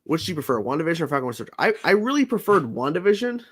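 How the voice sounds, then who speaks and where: A man's voice: a little high, very animated, rapid-fire, fairly bright tone, breathy edge. A man hosting a livestream, chatting casually with viewers, laughing often and rambling with restarts and fillers. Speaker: livestream host.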